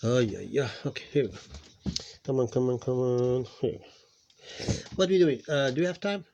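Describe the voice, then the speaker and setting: A man who is losing his voice, teaching a pronunciation lesson. He talks haltingly, repeats words and drills sounds slowly, clearing his throat now and then. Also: medium pitch, dark tone, a little hiss or hum. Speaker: Arabic teacher. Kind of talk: live online lesson.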